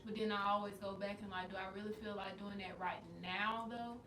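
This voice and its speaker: A woman co-hosts a podcast, drifting through her story in a relaxed way. She sounds set back from the mic in a roomy space, with faint noise behind. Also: medium pitch, brisk, distant mic. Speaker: podcast co-host. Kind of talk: casual podcast chat.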